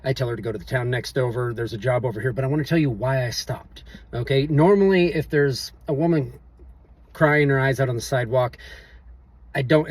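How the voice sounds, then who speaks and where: Middle-aged guy vlogging, kinda husky, rambly and offhand, sounds a bit far from the mic. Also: medium pitch, darkish tone, no echo. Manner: rambling and offhand, with loose filler phrases. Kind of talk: casual storytelling to camera.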